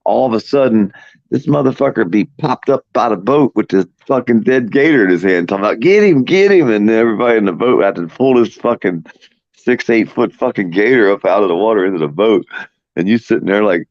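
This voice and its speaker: A middle-aged podcast host who moved to Florida as a teenager tells rambling, profane stories in casual chat. His voice is lowish, a little fast, and a little mellow, and the recording sounds dull and dry with no room sound.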